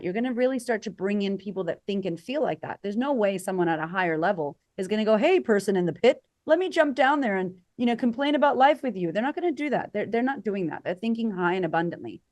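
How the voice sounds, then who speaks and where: A woman coaching as a podcast guest, energetic and conversational, acting out quoted voices for emphasis. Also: mid-range voice. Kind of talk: conversational interview.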